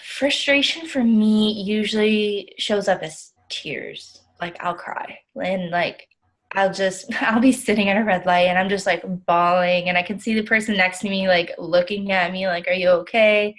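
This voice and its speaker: A woman's voice: medium pitch, close to an everyday voice, low-quality recording. A woman playing a self-critical young client, rambling. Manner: rambling, frequent "like" fillers. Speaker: client in a counseling role-play. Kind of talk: counseling role-play.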